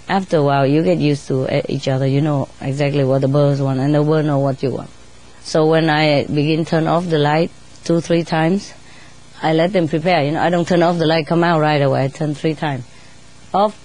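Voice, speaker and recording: A woman chatting casually in non-native English, laughing often and sometimes mimicking birds in a squeaky voice. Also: darkish tone. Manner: laughs often between phrases; imitates birds in high squeaky voice. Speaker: bird keeper telling stories. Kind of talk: casual storytelling.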